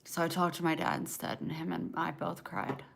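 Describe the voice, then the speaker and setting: A woman's voice: low-pitched, level tone, moderate pace, vocal fry, a little hiss or hum. A woman livestreaming from home, venting raw and emotional while she answers viewers by name.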